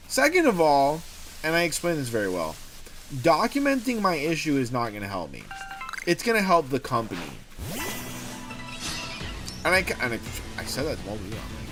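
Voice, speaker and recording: A man's voice: mid-range voice, big pitch swings, normal speed, long pauses, fairly bright tone. A man hosting a livestream and chatting casually, ranting animatedly and swearing freely. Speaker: livestream host. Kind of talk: casual stream chat. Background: music.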